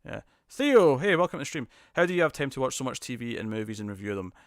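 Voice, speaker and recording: British guy on a live stream, middle pitch, chatty, restarts a lot, dry sound. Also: sing-song, fast, no echo. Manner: rambling, hesitant, stammers and restarts, chuckles often. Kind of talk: casual chat reading viewer comments.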